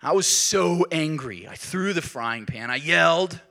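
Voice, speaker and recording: Animated male preacher in his thirties, bright and slightly high voice, building to emphatic peaks. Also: measured pace, creaky. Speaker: pastor. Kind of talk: sermon.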